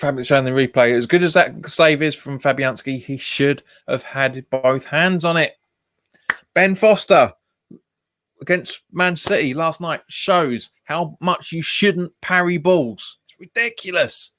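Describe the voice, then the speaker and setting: A fan channel host runs a live football watch-along stream, reacting to the match, reading viewer comments aloud and answering them, and laughing often. His voice is a little high and fairly bright, at a measured pace. The recording is dry.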